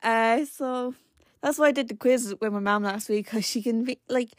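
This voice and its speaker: Hosting a podcast, a late-teen Irish woman chats casually and wanders through her stories, using lots of fillers, especially "like." She has a fairly high voice at a normal speed, in studio-quality audio with no echo.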